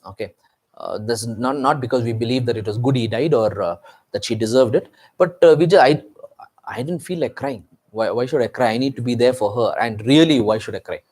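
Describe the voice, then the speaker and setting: A man's voice: mid-range voice, fairly quick, darkish tone. A man preaching a sermon to his congregation, firing off rhetorical questions and talking straight to the people in front of him. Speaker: pastor. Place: church meeting.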